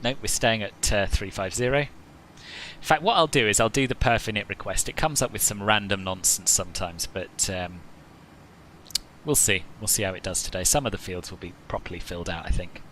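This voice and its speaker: A man's voice: lowish voice, a little fast, sharp tone, a little hiss or hum, poor audio. A man chatting casually as he streams a flight simulator session, joking with viewers and often laughing at himself. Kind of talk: casual live-stream commentary.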